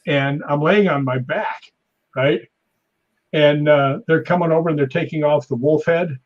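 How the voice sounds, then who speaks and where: Man telling lively anecdotes, dull recording. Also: on the high side, moderate pace. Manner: animated anecdotes with sound effects and chuckles. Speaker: guest stuntman. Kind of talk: casual interview storytelling. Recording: dull lo-fi sound.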